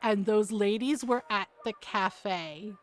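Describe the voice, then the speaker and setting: A woman's voice: mid-range voice, slow. A woman streamer chatting casually with viewers, telling a story with energy, laughing often and checking in with "right?". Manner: animated storyteller, keeps asking "right?".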